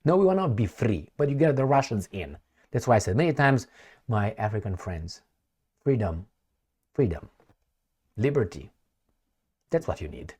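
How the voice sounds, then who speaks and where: A man delivers a loose, rambling monologue about current events, full of "uh"s and restarts. He's sarcastic, mocking the people he quotes, and his voice rises and falls in a lively, animated way. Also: on the low side, normal speed, long pauses, slightly rough. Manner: sarcastic, acts out quoted politicians in mocking voices, many fillers. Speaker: political commentary vlogger. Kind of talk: casual opinion monologue.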